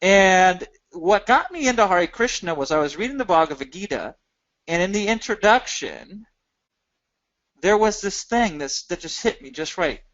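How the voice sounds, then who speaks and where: A middle-aged man giving an energetic, emphatic sales pitch on a webinar, repeating phrases for effect. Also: moderate pace, dull audio. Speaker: product seller on a marketing webinar.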